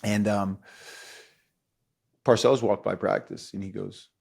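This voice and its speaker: Lively, low-voiced man telling stories. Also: brisk, gravelly, slightly rough. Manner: animated storyteller, acts out quotes, laughs often. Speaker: podcast host. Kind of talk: casual storytelling chat.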